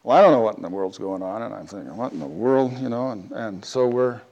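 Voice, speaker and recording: A man telling a personal story in a talk, animated, with big swings between loud and quiet. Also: lowish voice, brisk, muffled recording.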